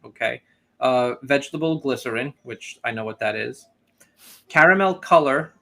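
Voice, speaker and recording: A man hosts a relaxed live-stream chat, reading viewer questions and sharing his own experience. He talks in a loose, filler-heavy way, at a pitch typical for a man. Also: moderate pace, vocal fry. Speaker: host. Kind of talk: casual live-stream interview.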